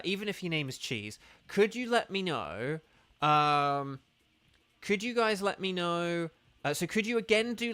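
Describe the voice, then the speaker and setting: A man's voice: a little high, a bit bright, dry recording. A man chatting casually with viewers during a live game stream, rambling and organizing who plays next.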